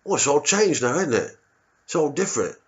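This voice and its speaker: A man's voice: on the high side, big pitch swings, a little fast, pitched above the performer's own voice. A man doing a vague, grumbling East London local. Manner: vague and repetitive, trailing tag questions. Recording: dull lo-fi recording.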